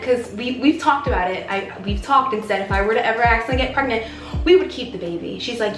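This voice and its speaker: Animated young woman telling a story. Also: fairly high pitch, brisk. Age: 20s. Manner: animated, acts out quoted voices. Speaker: vlogger. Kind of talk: casual storytime vlog. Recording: echoey room with background music.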